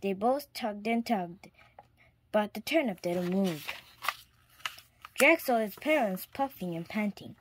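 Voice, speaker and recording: Slow, gentle woman reading a storybook. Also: medium pitch, lively intonation, noisy background. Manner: slow, clear storytime reading, slips into whispers. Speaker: storybook reader. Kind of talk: reading a children's picture book aloud.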